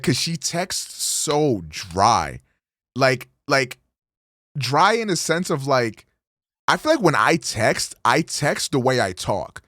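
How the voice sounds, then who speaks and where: A man streaming a casual, profane reaction commentary, rambling and animated. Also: medium pitch, no room sound, studio quality. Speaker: streamer host.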